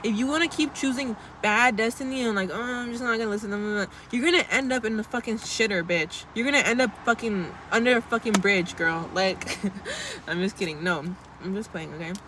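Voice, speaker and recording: A woman's voice: mid-range voice, expressive, fairly quick, a bit bright, slight background noise. Sweary young woman vlogging outdoors. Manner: chatty, blunt, sweary, calls viewers girl. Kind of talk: casual motivational pep talk to camera.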